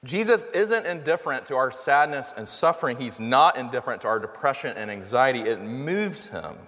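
A man's voice: mid-range voice, lively intonation, brisk, a bit bright. A man preaching a sermon in a conversational, earnest way, full of rhetorical questions. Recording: long reverb of a hall.

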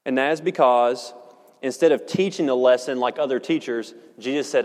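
A man preaching a sermon in a church, earnest and measured, slowing down to stress key words. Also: mid-range voice, darkish tone. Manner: earnest, measured, slows for emphasis. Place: church sanctuary. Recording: long hall reverb.

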